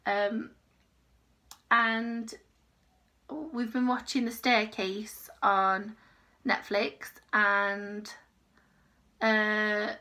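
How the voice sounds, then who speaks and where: A woman's voice: mid-range voice, level tone, extremely slow, pauses often, pushed and bright. A woman chatting casually and rambling in a crochet vlog from her home. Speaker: crochet vlogger. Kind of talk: casual chat.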